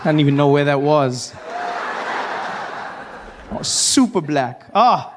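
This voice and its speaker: A South African comedian on stage, telling stories with a wry, self-mocking edge and slipping into characters. His voice sits fairly high. A faint hum runs under the live recording. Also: unhurried, a crowd in the background. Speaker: stand-up comedian. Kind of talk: stand-up comedy set.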